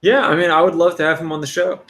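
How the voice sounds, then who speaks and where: A man's voice: a little high, steady tone, quick pace, a bit bright. A young man co-hosting a casual commentary chat, rambling and joking in a laid-back way. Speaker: podcast co-host. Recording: echoey room.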